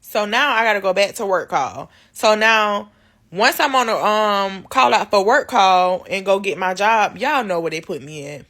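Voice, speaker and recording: A woman's voice: mid-range voice, measured pace, a bit bright. Candid woman telling a storytime. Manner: candid, talks straight to viewers; loose and conversational, many fillers. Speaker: vlogger telling her life story. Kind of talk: casual storytime.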